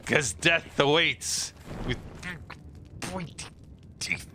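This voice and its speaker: A man voicing an ominous old male wizard who gives a doom-laden warning in a slow, drawn-out, theatrical way, over noisy audio. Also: fairly high pitch, animated, pitched above the performer's own voice.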